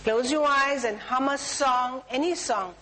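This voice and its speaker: A woman's voice: high-pitched, measured pace, sharp tone, poor audio. A woman with an Indian English accent leading a group through a tapping exercise, giving instructions and chanting repeated cue words. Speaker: workshop leader. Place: talk room with a group.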